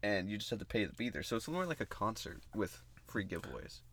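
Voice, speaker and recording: A man's voice: on the low side, very animated, quick pace, heavy background noise. A man co-hosting a casual podcast chat, joking in a crude, playful way. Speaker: podcast co-host.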